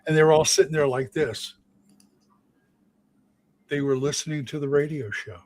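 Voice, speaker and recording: A stage actor who's a regular on a live chat show talks casually, spinning rambling stories about his acting on stage and restarting often. His voice sits on the high side and is a little mellow, with fairly even intonation and a moderate pace.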